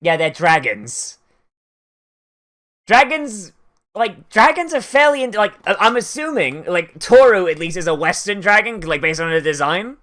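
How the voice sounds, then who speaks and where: Giving casual watch-along commentary, an anime reaction host speaks at normal speed in a sing-song, medium-pitched, fairly bright voice. The delivery rambles, filled with "like" and punctuated by laughs.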